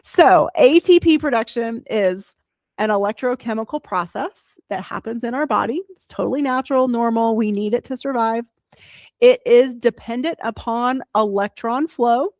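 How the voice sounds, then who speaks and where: A woman's voice: fairly high pitch, moderate pace, darkish tone, no echo, clean studio sound. A female podcast host, explaining biology plainly in a casual, chatty solo talk.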